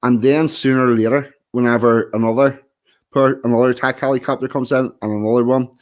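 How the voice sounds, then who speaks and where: A man's voice: medium pitch, steady tone, a little fast. Dry-joking man explaining things. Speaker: stream co-host. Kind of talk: casual chat.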